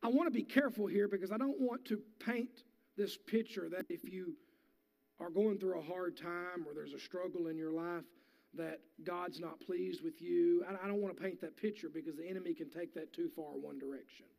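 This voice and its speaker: Gravelly pastor preaching a sermon. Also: male voice, high-pitched, steady tone, normal speed, a little mellow. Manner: folksy, builds to fervent preaching. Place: church sanctuary.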